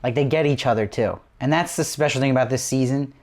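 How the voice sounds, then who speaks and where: A man's voice: medium pitch, fast. Man reviewing a TV episode. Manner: enthusiastic, asks lots of rhetorical questions. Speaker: TV review host.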